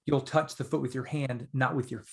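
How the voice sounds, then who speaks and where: Man, podcast guest, casual storytelling, animated, emphatic, earnest, mid-pitched voice. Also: a little fast, creaky.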